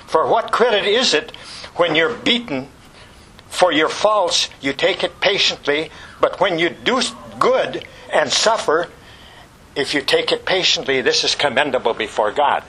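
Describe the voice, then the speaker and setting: A man preaching a sermon with passion, rising to loud exclamations and dropping to hushed whispers, asking the congregation rhetorical questions. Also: a little high, expressive, measured pace, a little hiss or hum, poor audio.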